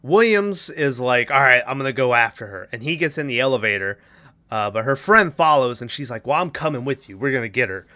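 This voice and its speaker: A man with a bright, clean voice talks through a movie scene by scene in a loose, rambling podcast chat. He slips into quick put-on voices for the characters and keeps the story rolling. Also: medium pitch, expressive. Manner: rambling retelling, acting out character lines. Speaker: podcast co-host. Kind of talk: casual movie recap.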